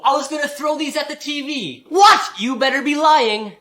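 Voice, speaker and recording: A man's voice: very high-pitched, moderate pace, few pauses. Man doing sarcastic sketch comebacks. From San Diego. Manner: sarcastic deadpan comebacks, switching between characters. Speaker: comedy creator. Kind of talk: comedic sketch skits.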